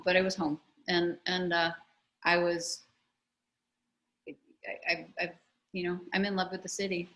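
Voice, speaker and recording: A woman's voice: on the low side, little pitch movement, measured pace, pauses often, fairly bright tone, poor audio. A woman author chatting about her memoir in a video-call interview, telling stories animatedly with lots of restarts and asides.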